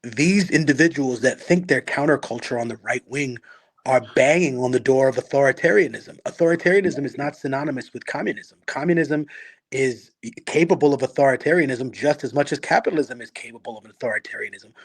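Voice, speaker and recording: A man's voice: medium pitch, brisk, husky. A man from Peru talks as a podcast guest. He speaks with passion and mixes blunt, profane asides into his storytelling. His tone stays conversational throughout. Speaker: guest, rapper and activist.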